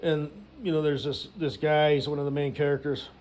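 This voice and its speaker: Guy ranting and rambling, swears a lot, kinda high voice, keeps saying you know. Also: flat delivery, fairly quick, darkish tone, a little hiss or hum. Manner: profane, rambling, laughs a lot, says "you know" constantly. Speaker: storyteller. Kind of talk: rambling casual rant.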